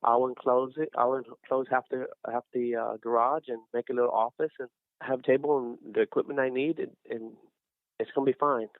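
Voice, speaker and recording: Speaking a little fast in a level, medium-pitched tone, a middle-aged guest who owns a small business gives a casual, rambling faith testimony with lots of fillers and restarts. The audio is dry and tinny, like a phone line.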